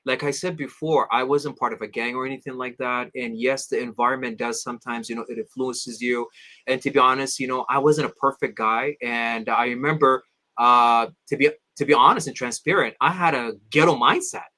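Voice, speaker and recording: A man in his thirties, an interview guest, telling personal stories in an animated way and acting out his friends' voices. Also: a little fast. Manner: animated, acts out friends' voices with big pitch jumps; addresses host as "my beloved father". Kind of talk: storytelling in casual interview.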